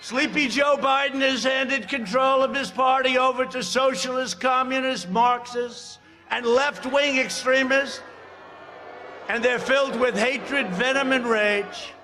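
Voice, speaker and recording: A political speaker in his seventies holds forth at an outdoor rally podium, his speech rambling and dotted with sarcastic asides and repetition. The voice is very high, pushed and bright, with slight background noise.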